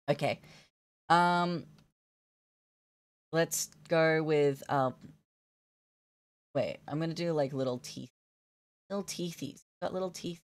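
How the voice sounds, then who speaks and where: A young woman live-streams while drawing, playfully chatting with her viewers and giggling often. Her voice is low-pitched, and she speaks slowly with long pauses.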